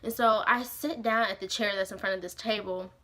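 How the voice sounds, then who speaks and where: Brisk and mid-range in pitch, a young female vlogger shares a story in casual, animated speech. Slang and profanity run throughout, along with heavy use of "like".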